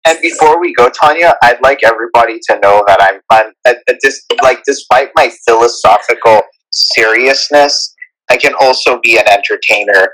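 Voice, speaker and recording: A man's voice: mid-range voice, moderate pace, pushed and bright, low-quality recording. A man with a Persian accent who talks in a rambling, earnest way and often restarts his sentences in a casual live audio chat. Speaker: guest speaker.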